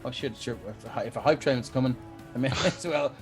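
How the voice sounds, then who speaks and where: A man's voice: medium pitch, brisk, loud music behind the voice. Casual swearing male game master. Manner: casual, swearing, makes sound effects. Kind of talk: narrating a tabletop game on a live stream.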